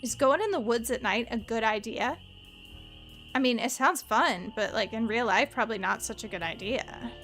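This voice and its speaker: A woman's voice: fairly high pitch, moderate pace, a bit bright, soft background music. A woman streaming a mystery game, chatting casually and rambling in asides to her viewers. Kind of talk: casual let's-play chat.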